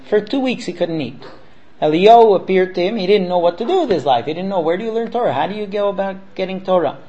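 A man's voice: sits high, expressive, fast talker, warm tone, lo-fi sound. A man teaching students by retelling a story, acting out the characters with frequent fillers. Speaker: Torah teacher.

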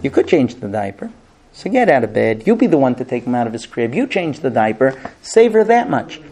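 A man teaching grooms about marriage in a lively, humorous lecture, acting out bits of dialogue and using many fillers. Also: medium pitch, brisk, slight background noise. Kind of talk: lively lecture to a small class. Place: room with a live audience.

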